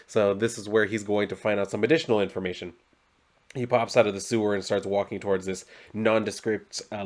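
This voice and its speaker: A man with a somewhat low voice talks through a comic book issue in a loose, casual way. He rambles, leans on "so" and "like", and gives his offhand opinions. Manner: loose and rambling, lots of fillers like "so" and "like".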